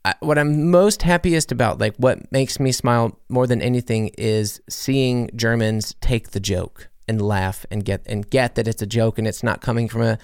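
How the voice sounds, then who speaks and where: A man's voice: medium pitch, moderate pace, hardly any pauses, darkish tone, smooth, dry recording, studio quality. A man who is a musician and comedy creator, answering radio interview questions in an earnest, rambling way with many restarts. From United States.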